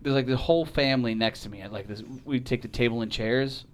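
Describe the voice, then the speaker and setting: A man's voice: medium pitch, fast, slight background noise. Profane storyteller man on a podcast. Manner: profane, animated storyteller acting out quotes. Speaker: podcast guest. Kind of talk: casual storytelling chat.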